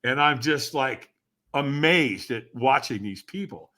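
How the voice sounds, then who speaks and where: A man guesting on a podcast, telling a story with animated energy and acting out the dialogue. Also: medium pitch, slow pace. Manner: acts out quoted dialogue, emphatic and lively.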